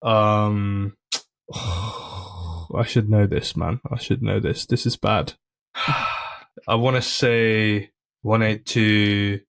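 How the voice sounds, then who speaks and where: Laid-back comedian, laughing easily. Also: male voice, lowish voice, fairly even intonation, drawn-out words, creaky. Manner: laughs often, easygoing and chatty. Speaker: comedian guest. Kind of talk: casual podcast chat.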